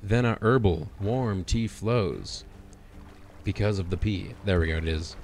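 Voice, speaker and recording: Deep-voiced, goofy male game streamer. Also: unhurried, a little mellow, faint music behind. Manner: goofy, self-talking, laughs at his own jokes. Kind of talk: casual gameplay commentary.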